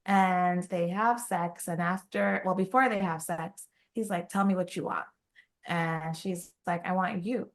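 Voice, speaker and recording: Low-voiced woman retelling a story. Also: measured pace. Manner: animated retelling, acts out quoted lines. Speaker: podcast co-host. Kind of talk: casual book recap chat.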